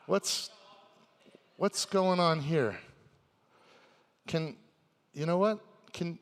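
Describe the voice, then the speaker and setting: A man hosting a live convention stage show, excitable and hype-building, sometimes bursting into shouts to the audience. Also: on the high side, very slow, pauses often, long reverb tail. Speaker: stage host.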